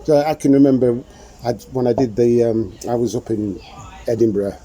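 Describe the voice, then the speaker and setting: A man's voice: mid-range voice, fairly even intonation, moderate pace, dark tone, rough recording. An older man hosting a podcast in casual chat, telling rambling anecdotes with frequent laughs, recorded outdoors. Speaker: podcast host. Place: outdoors in the sunshine.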